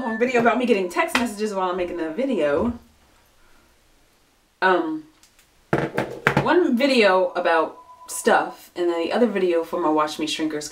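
A young woman chatting casually into her home camera, scattered and self-mocking, swinging from loud bursts to low mutters. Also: background noise. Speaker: vlogger. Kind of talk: casual vlog chat.

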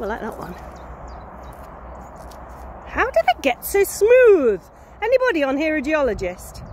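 Sniffly, high-voiced woman in her fifties. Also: slight background noise. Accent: Nottingham English. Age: 50s. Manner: chatty, whimsical, playful with made-up words. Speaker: vlogger. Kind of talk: casual rambling chat to camera. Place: outdoors on a country lane, walking.

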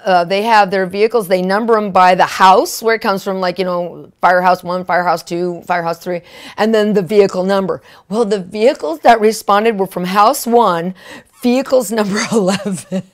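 A woman preaching and telling a story in an excitable, animated way, breaking into shouted exclamations. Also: medium pitch. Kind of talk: storytelling sermon.

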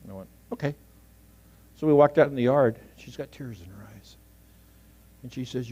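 Middle-aged male pastor preaching in church, anecdotal, shifts from loud to near-whisper. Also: medium pitch, animated, a little fast, pauses often, husky. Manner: storytelling, swings from loud emphasis to hushed asides. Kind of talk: sermon. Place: church sanctuary.

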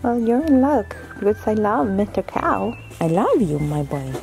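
A woman's voice: medium pitch, big pitch swings, moderate pace, gravelly, darkish tone, faint music behind, poor audio. A woman homesteader, middle-aged, in a goat pen, talking to her baby goats in cooing, affectionate baby talk. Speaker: homesteader vlogger.

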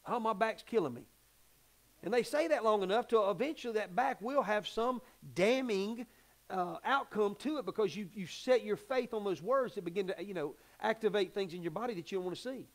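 A pastor preaching a folksy, animated sermon that acts out little scenes. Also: male voice, high-pitched, a little fast.

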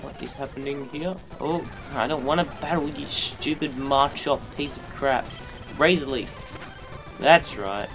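A young man, giving excitable, joking commentary while playing a video game. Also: mid-range voice, a little slow, over music. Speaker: let's play host. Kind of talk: gameplay commentary.

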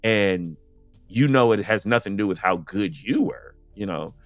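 Man, lowish voice, earnest, conversational, dry close mic, faint music behind. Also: expressive, moderate pace, dry recording. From United States. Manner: earnest, conversational, frequent "you know". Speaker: podcast guest. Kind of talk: casual testimony in conversation.

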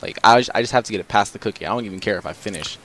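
A man's voice: very fast, a little hiss or hum. A young man chatting casually while playing a game online, joking and laughing a lot. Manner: excitable, joking, laughs a lot, big pitch jumps. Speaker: gaming YouTuber. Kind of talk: casual gaming chat.

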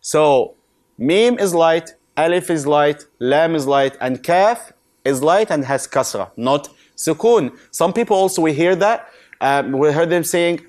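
A man teaching correct Quran recitation. He stretches out model words slowly, then explains quickly and asks questions that he answers himself. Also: on the high side, expressive, darkish tone. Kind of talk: recitation lesson.

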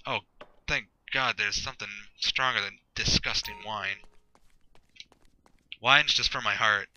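A man's voice: lowish voice, takes it slowly, pauses often, sharp tone, a little hiss or hum, low-quality recording. A man giving rambling, sarcastic gameplay commentary, swearing often and talking to himself as he plays. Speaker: gameplay video host.

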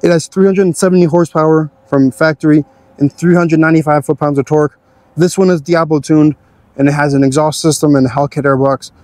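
A man's voice: a little high, fairly even intonation, brisk, a little mellow, no echo. A young man hosting a car channel, giving an easygoing, chatty walkthrough of his car's features.

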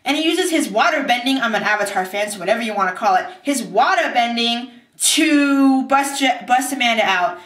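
A bubbly young woman chats through a TV episode recap, acting out scenes in silly voices. Her voice sits high and bright. It rings in an echoey bathroom. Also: animated, brisk, far from the mic. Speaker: TV recap vlogger. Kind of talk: casual TV recap vlog. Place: bathtub.

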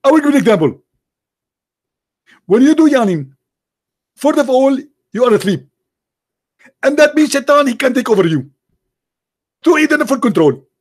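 A man's voice: very high voice, sing-song, moderate pace, long pauses, voice pushed up, heavily acted. A man putting on the voice of a pompous, overconfident preacher who declares every answer certain. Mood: declaiming.

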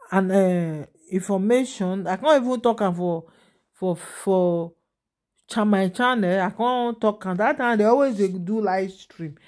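A woman's voice: mid-range voice, darkish tone. A woman speaking with a Nigerian Pidgin accent, running a casual gossip vlog, rambling with fillers and restarts and turning indignant as she scolds. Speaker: celebrity gossip vlogger.

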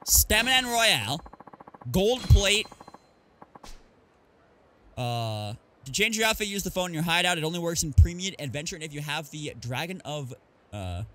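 Guy streaming a game, kinda high bright voice, jumps around a lot, reads out loot and cracks jokes. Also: a little hiss or hum. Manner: chatty, reads item names aloud, jokes at the game. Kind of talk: casual gameplay commentary.

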